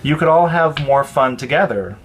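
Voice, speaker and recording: Guy voicing the kind dads, calm, gently nudging. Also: fairly high pitch, moderate pace, breathy edge, low-quality recording. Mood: gentle. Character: gentle, caring fathers.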